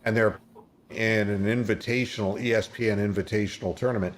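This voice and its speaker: A sports radio host in casual talk, retelling games play by play like a storyteller. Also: male voice, on the low side, steady tone, brisk.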